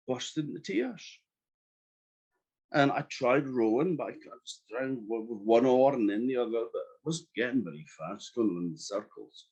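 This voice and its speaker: A man's voice: mid-range voice, husky. A man from Orkney with an Orcadian accent telling a folktale in the first person, chatty and wry, with asides to the listeners, in a dull lo-fi recording. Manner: lively, conversational, wry asides to the audience. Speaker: storyteller. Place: evening storytelling event.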